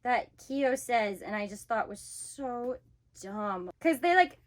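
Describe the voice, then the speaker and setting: A woman talks to her camera in a casual vlog, her voice sitting a little higher than most. She rants animatedly and fills her sentences with "like". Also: slow pace. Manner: animated ranting, heavy use of "like". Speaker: book vlogger.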